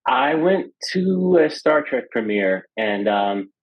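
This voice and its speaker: A man in his thirties, a podcast guest, telling a story in an excited, casual way. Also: medium pitch, slow pace. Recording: dull lo-fi sound.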